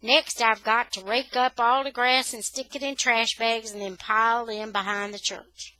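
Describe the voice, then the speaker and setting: A woman's voice: on the high side, little pitch movement, moderate pace, pushed and bright, dry recording, poor audio. A woman voicing a matter-of-fact grown man from a church in a storybook reading.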